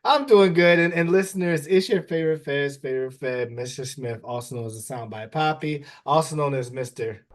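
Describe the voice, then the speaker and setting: A man co-hosting a podcast, animated and joking, often laughing as he talks. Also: on the high side, moderate pace, hardly any pauses. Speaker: podcast co-host. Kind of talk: casual podcast chat.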